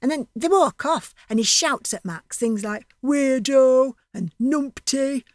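A woman's voice: a little high, expressive, moderate pace, dry recording, studio quality. Chatty woman telling a story. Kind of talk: dramatic monologue narration.

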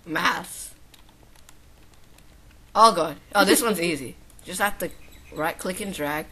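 A woman's voice: fairly low pitch, slow pace, bright, forceful tone, breathy edge. A teenage girl giving casual commentary while playing a game, exclaiming and laughing often. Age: teens. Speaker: gameplay commentator. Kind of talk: casual gaming chat.

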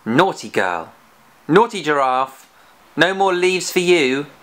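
Male kids' phonics host, animated and sing-song, slow and encouraging, playful scolding. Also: a little high. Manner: slow and exaggerated, sounding out letters. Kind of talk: children's phonics lesson with a puppet.

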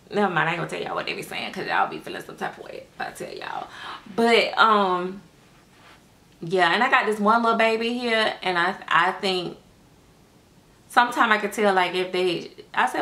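Sassy, chatty woman with a gravelly voice. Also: mid-range voice, animated, a little fast, sharp tone. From United States. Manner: chatty, sassy, talks straight to viewers as y'all. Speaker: doll-making vlogger. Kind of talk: casual chat to camera.

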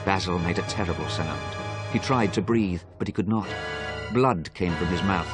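A man narrating a graded story in a steady, clear storytelling manner. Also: sits low, moderate pace, over loud music.

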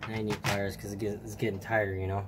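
A man's voice: fairly low pitch, quick pace. A tired man giving a casual hands-on tutorial at a workbench, rambling and trailing off as he talks to himself while working. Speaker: hobbyist showing a model truck build. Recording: clear steady background noise.

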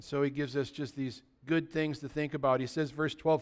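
A man preaching a sermon in a high, clear, resonant voice. He talks to his congregation in a conversational way, asking questions and calling for responses. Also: fairly even intonation, moderate pace, few pauses. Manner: exhorting, conversational, calls out to congregation. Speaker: pastor.

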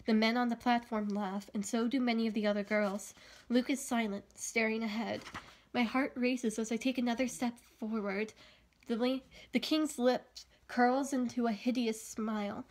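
Woman reading a novel aloud, steady, slightly high voice, small slips now and then. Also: moderate pace. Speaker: audiobook reader.

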